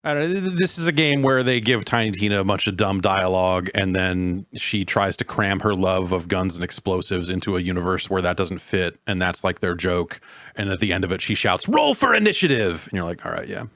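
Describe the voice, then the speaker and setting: A man hosting a casual podcast, rambling and halting, with dry sardonic remarks. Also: sits low, steady tone, a bit bright, no echo. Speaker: podcast host. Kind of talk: casual chat.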